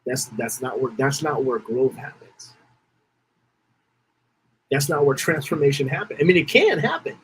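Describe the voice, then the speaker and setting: A man hosts a podcast, telling a story in a loose, rambling way, repeating phrases and fighting back tears. His mid-range voice is animated and a little bright, at a normal pace with frequent pauses. The recording is low quality, with slight background noise.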